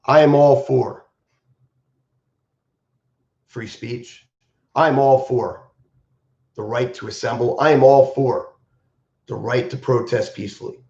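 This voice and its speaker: A man's voice: medium pitch, steady tone, takes it slowly, long pauses, a little mellow. Man martial arts instructor on a live stream, impassioned and emphatic, roomy dull audio. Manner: impassioned and emphatic, repeating key phrases.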